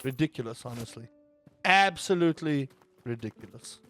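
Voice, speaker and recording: A man giving playful, theatrical let's-play commentary over a game, now and then breaking into high panicked yelps. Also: lively intonation, moderate pace, a bit bright, soft background music. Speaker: gaming video creator.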